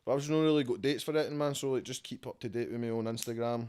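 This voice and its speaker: A man's voice: mid-range voice, steady tone, quick pace, darkish tone, smooth. A man with a Scottish accent, chatting casually as a rapper guest on a podcast at his home, laid-back and swearing often.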